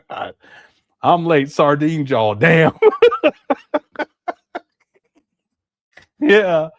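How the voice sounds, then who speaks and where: A man's voice: fairly high pitch, expressive, extremely slow, long pauses, no echo, clean studio sound. A man chatting casually on a live stream, musing aloud and repeating himself as he comments. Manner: rambling, musing, with a lot of repetition.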